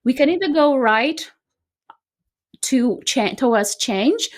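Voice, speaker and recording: A woman guest who coaches people on decluttering, telling her story in an animated, chatty way and often checking in with "right?". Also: fairly high pitch. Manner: animated, frequently adds "right?". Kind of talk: conversational storytelling.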